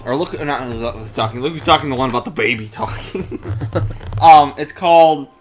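A man in casual chat beside a gamer, reading walkthrough steps and a movie synopsis aloud, rambling and halting with frequent laughs. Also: mid-range voice. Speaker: let's play co-host.

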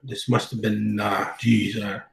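A man giving an informal presentation, speaking haltingly with many fillers, restarts and throat clearing. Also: fairly low pitch, level tone, roomy sound, poor audio. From Canada. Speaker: guest speaker on language revitalization.

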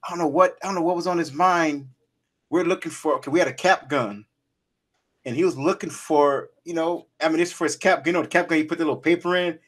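Man co-host, lively storyteller, loose swearing, fairly high voice. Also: fast talker. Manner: animated storyteller, laughs often, swears freely. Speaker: podcast co-host. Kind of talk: casual chat.

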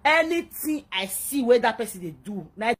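A woman's voice: fairly high pitch, expressive, normal speed. A woman with a Nigerian accent in a played clip, talking in a rambling, hesitant way. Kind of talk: confessional clip.

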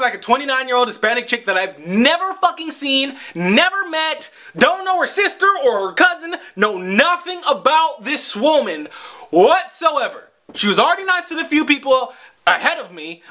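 Young male vlogger, high-pitched and sharp, rambling profane rant. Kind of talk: casual storytelling rant.

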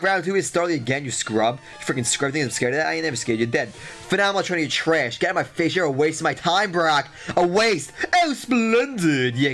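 Excitable trash-talking young gamer. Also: male voice, on the high side. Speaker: let's play host. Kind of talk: game commentary.

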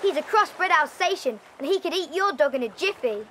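A woman's voice: high voice, animated, normal speed, a bit bright. A woman voicing a scraggy, defiant boy of about eleven in a dramatized audiobook, sounding sulky and wary.

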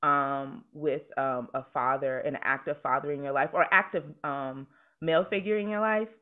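A woman in her twenties hosting a podcast, chatting in a relaxed way and pausing often with fillers like "um". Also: low-pitched. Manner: relaxed, hesitant with many fillers. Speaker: podcast host. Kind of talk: casual interview chat. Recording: tinny phone-like line.

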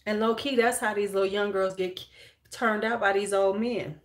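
A woman's voice: mid-range voice, fairly even intonation, normal speed. A middle-aged woman hosting a beauty livestream, chatting casually and frankly while doing her makeup, joking bawdily with viewers.

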